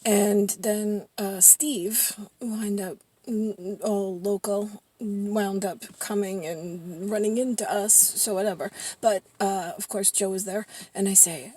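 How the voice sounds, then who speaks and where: A woman vlogger telling a rambling story in a chatty, excitable way, full of fillers and quoted back-and-forth dialogue. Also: mid-range voice, moderate pace, husky, no room sound.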